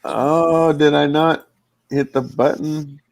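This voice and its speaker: A man's voice: fairly high pitch, steady tone, takes it slowly, creaky. A man with grandchildren hosting a casual live chat, laid-back and laughing easily.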